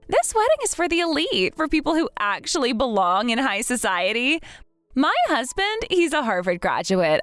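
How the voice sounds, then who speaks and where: Woman as arrogant rich bride, sneering, high and lively voice, dry sound. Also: no echo. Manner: sneering, condescending. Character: snobbish spoiled young woman, arrogant bride. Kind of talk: text-message drama reading.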